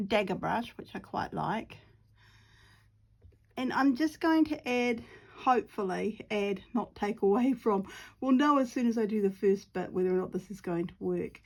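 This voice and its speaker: A middle-aged woman with a New Zealand accent chatting casually while she paints, rambling into giggly asides and muttering half to herself. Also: fairly high pitch. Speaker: watercolor painting vlogger.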